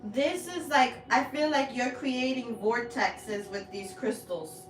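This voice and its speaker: A woman hosting a spiritual tarot reading, speaking slowly and with open emotion. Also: fairly high pitch, reverberant, far from the mic, faint music behind. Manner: slow, heartfelt and emotional, with drawn-out words. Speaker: spiritual reader, channel host. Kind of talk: tarot energy reading, personal sharing.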